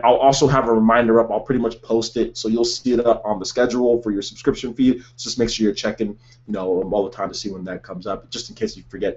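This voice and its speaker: A man's voice: fairly low pitch, fairly even intonation, fast talker, hardly any pauses, darkish tone, lo-fi sound. A man hosting a gaming channel, talking casually and eagerly to viewers, rambling with fillers, a little out of breath. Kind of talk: casual vlog talk to viewers.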